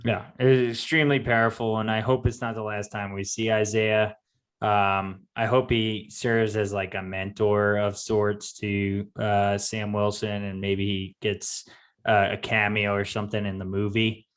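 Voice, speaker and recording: A man co-hosting a podcast, recapping in a halting way with many fillers. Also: on the low side, little pitch movement. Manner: halting, full of ums and uhs, recapping. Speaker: podcast co-host. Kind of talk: casual chat.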